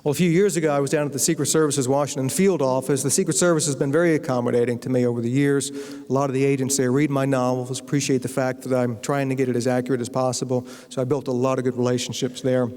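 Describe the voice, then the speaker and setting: A novelist from Virginia, USA gives a humorous, anecdote-filled lecture in a university lecture hall, telling stories wryly and acting out quoted voices. His mid-range voice is fast and a little mellow with fairly even intonation, and the recording has long lecture-hall reverb.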